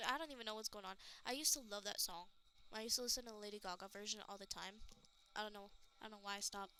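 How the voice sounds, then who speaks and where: A woman casually commenting and reading aloud while playing a visual novel, in a playful, excitable way. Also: mid-range voice, quick pace, soft background music. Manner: playful, excitable, dramatic outbursts.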